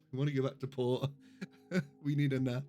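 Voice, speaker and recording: A man's voice: medium pitch, level tone, normal speed, dark tone, faint music behind. A young British man giving casual live commentary on a game, chatty and giggly, swearing now and then. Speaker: streamer.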